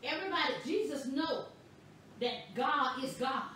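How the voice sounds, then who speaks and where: A woman pastor delivering a sermon, with slow, emphatic preaching that stresses words boldly. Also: sits high, lively intonation, sharp tone, a little hiss or hum. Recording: echoey room, voice from a distance.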